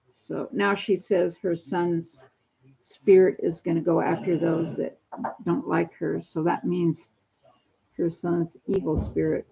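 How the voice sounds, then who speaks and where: A woman in her sixties talks into her phone at home, drifting from topic to topic in a slow, unhurried ramble. Her low voice is gravelly and husky, and the phone audio is dull and lo-fi. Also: dark tone. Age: 60s. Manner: chatty and rambling, jumps between topics. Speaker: live streamer. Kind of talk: rambling personal live stream chat.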